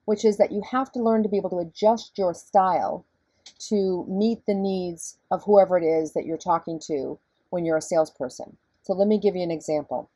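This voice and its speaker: A middle-aged woman professor with a low, husky voice, giving a conversational recorded lecture and explaining things step by step. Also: moderate pace, dark tone, no echo.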